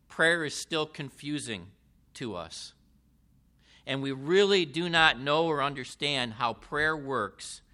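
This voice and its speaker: Male pastor, measured sermon delivery, crisp bright voice. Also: medium pitch. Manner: slow, deliberate preaching with emphatic rises and falls. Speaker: preacher.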